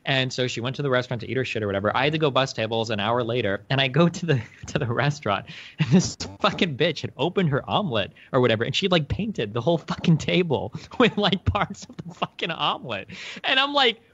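A man co-hosting a podcast, telling profane stories in casual chat and breaking into animated outbursts. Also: mid-range voice, fast, dull audio. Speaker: podcast co-host.

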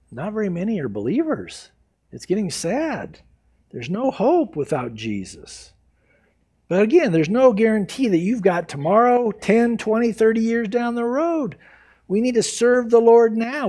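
A man preaching an expository sermon as pastor, emphatic and animated, acting out the people he quotes. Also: high voice. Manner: acts out quoted people in varied voices.

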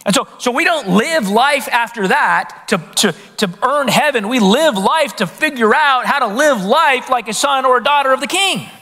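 A man preaching a sermon to a congregation in a lively way, often putting rhetorical questions to the room. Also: very high-pitched, moderate pace, hardly any pauses. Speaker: pastor. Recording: long reverb of a large hall.

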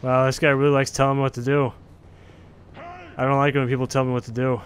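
A man's voice: mid-range voice, level tone, brisk, pauses often, clear, resonant tone. A man hosting a gameplay video, joking and teasing his friend as they play. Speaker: host of a gameplay channel. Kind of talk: casual gameplay chat.

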